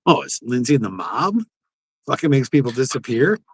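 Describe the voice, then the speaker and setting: A man's voice: medium pitch, big pitch swings, normal speed, husky, no room sound, poor audio. A man co-hosting a podcast, telling a rambling story in casual chat, with many fillers and some swearing. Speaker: podcast co-host.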